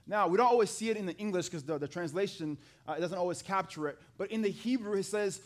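Lively high-voiced preacher. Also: male voice, a little fast. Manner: animated, acts out the scripture dialogue and talks to the congregation. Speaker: pastor. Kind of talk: sermon. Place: church hall with a live congregation.

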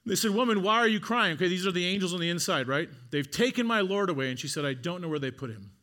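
A man delivering a sermon in a bright, somewhat high voice. He tells the story with drama, falling quiet and then rising into emphatic, repeated lines. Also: expressive, quick pace. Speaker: preacher.

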